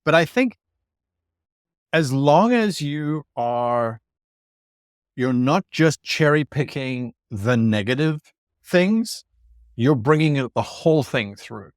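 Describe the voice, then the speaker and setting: Lively male storyteller, dry close mic. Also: mid-range voice, takes it slowly, pauses often, no room sound. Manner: lively storytelling, acting out quoted remarks in asides. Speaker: game master guest on an interview show. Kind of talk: conversational interview answer.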